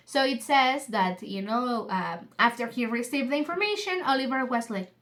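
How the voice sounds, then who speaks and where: A woman from Mexico, teaching English in a relaxed way, reading a book aloud and explaining it with lots of fillers. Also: a little high, normal speed. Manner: casual, explains with many fillers and Spanish glosses. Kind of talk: book club reading lesson.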